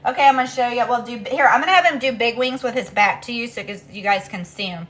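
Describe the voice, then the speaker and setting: A woman's voice: a little high, quick pace, few pauses, background noise. A woman chatting casually and rambling with her viewers on a live stream from home, with plenty of ums. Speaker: livestreamer talking to her viewers. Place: at home, walking between rooms.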